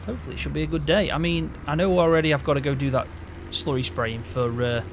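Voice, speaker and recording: A man's voice: on the high side, fairly even intonation, fast talker, a little hiss or hum. A man playing a farm hand in a game role-play, chatting to himself and laughing often.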